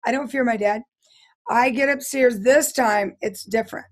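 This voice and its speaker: A hoarse middle-aged woman, a guest telling her life story in an interview in an earnest, halting way with frequent restarts. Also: fairly high pitch. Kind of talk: personal testimony interview.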